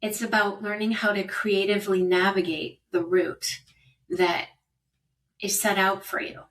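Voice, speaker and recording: A woman's voice: mid-range voice, flat delivery, measured pace, fairly bright tone, far from the mic. A middle-aged woman hosting an interview podcast, encouraging and affirming her guest with frequent amens. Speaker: podcast host.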